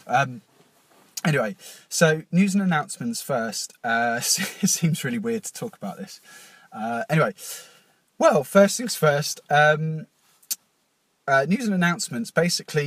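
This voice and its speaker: Male podcast host, mid-pitched, talking nervously and haltingly with raw emotion; dry, close sound. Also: dry recording. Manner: halting and nervous, many fillers and restarts; emotional, openly moved. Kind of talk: confessional podcast monologue.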